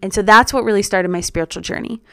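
A young woman telling her personal story as a podcast guest, earnest and reflective, in a soft-spoken way. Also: medium pitch, quick pace, clean tone, no echo.

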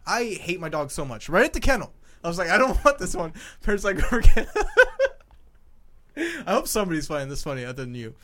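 A young man co-hosting a podcast, telling crude stories in a loud, animated way and laughing along. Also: fairly high pitch, fast talker. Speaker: podcast co-host. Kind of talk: casual chat.

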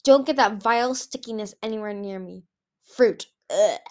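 A woman's voice: medium pitch, normal speed, darkish tone, close to an everyday voice. A woman voicing a haughty, proud young male ice dragon who talks in a scornful, snapping way. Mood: disdainful.

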